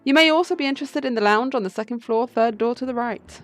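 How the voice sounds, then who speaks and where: A woman's voice: a little high, fast, faint music behind, close to an everyday voice. Woman voicing a formal, gracious baron, game read-through. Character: courteous male baron, host of a manor. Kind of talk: game playthrough read-aloud.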